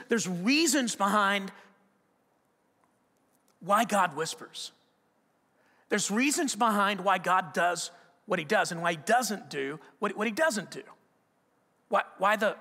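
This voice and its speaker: A man preaching a sermon as pastor, talking conversationally, repeating and restarting words, and growing animated and loud in stories. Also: sits high, vocal fry. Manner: grows animated and loud when telling stories. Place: church auditorium. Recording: long hall reverb from the church auditorium.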